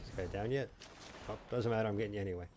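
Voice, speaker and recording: A man in his thirties chatting casually and rambling with jokes while he live-streams a game, now and then breaking into loud mocking shouts. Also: fairly low pitch, racing, a little hiss or hum. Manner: rambling, jokey, shouts in bursts when mocking. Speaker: gaming streamer. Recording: game gunfire audible in background. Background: game gunfire and explosions.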